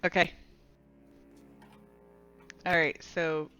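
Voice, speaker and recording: A woman's voice: low-pitched, flat delivery, sharp tone, lo-fi sound, soft background music. Casual woman running a tabletop game. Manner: casual, halting narration with fillers. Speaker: dungeon master.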